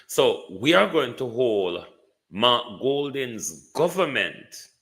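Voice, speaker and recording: A man's voice: medium pitch, big pitch swings, takes it slowly, a bit bright. A man with a Jamaican accent giving live political commentary, taunting and rhetorical, often asking "hmm?".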